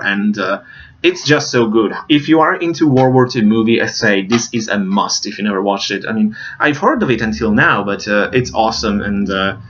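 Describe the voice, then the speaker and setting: A man's voice: fairly low pitch, fairly bright tone. Rambling man reviewing films, lo-fi. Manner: rambling, searches for names, many fillers. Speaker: movie reviewer. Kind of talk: casual movie review.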